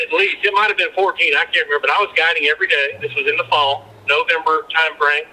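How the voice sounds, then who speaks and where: Man, podcast guest, rambling anecdotes, very bright tone, slightly high voice. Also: rough recording. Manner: rambling anecdotes with many restarts. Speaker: podcast guest, former fishing guide. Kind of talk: casual storytelling chat.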